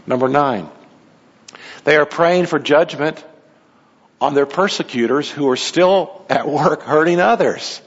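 High-voiced animated male preacher. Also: a little slow, long pauses. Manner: animated preaching with sudden pitch swings. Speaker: pastor. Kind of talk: sermon. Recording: dull sound in a reverberant hall.

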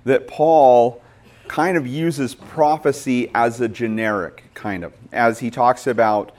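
A man's voice: medium pitch, slow, a little mellow. A middle-aged male pastor preaching a sermon, talking conversationally and telling stories with emphatic stress.

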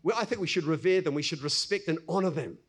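Nz pastor guy preaching, chatty, acts out little scenes, pretty high voice. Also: quick pace, slightly rough. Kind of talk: sermon.

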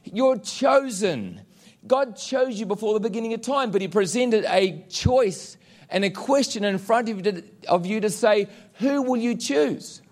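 A man preaching a sermon, declaring promises emphatically and pausing for effect. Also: high-pitched, darkish tone. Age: adult with children. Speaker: pastor.

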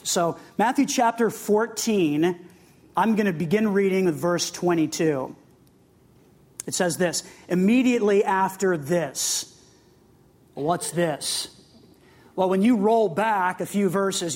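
A preacher delivering a sermon in an easy, conversational way. The voice sits at an ordinary middle pitch, moving between scripture reading and light asides. Questions are put straight to the listeners. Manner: conversational, with humorous asides and laughs; asks the audience direct questions.

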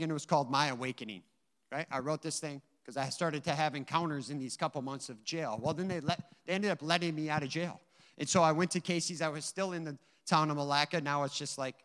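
A man's voice: a little high, a bit bright, big-room sound. A man giving an earnest, emotional personal testimony to a church audience, telling his story with many asides. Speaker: guest speaker giving a testimony.

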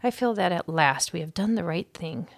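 A woman's voice: on the low side, lively intonation, normal speed, no room sound. A woman voicing a worrying mother mouse in a storybook reading. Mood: worried. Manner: anxious, fretful.

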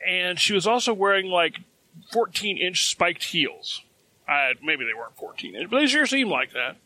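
A man's voice: sits high, expressive, normal speed, bright, forceful tone, dry recording. A middle-aged man hosting a podcast. He tells a long personal anecdote in a chatty, self-amused way and chuckles at his own jokes. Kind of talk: casual storytelling.

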